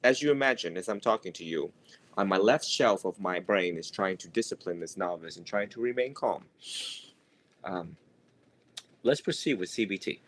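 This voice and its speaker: A man's voice: low voice, animated, normal speed, a little hiss or hum. Playful joking male teacher. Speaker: monk teacher. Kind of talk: casual teaching talk.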